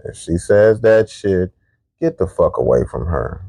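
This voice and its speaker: Man, low voice, gravelly, blunt profane commentary, preachy tone. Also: expressive, unhurried, mellow, no room sound. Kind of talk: commentary on a video clip.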